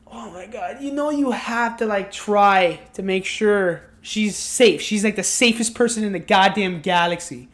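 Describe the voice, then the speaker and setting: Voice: medium pitch, unhurried, hardly any pauses, fairly bright tone. Tired, exasperated rambling reviewer. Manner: rambling and exasperated, with many restarts. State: tired and yawning. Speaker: show reviewer. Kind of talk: casual spoken review.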